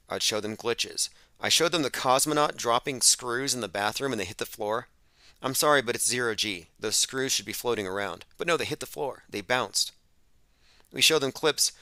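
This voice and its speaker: A man hosting a call-in radio show, with a bright, forceful voice and a dry, close sound. He talks emphatically and with heavy sarcasm. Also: mid-range voice, dry recording. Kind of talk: open-phones radio monologue.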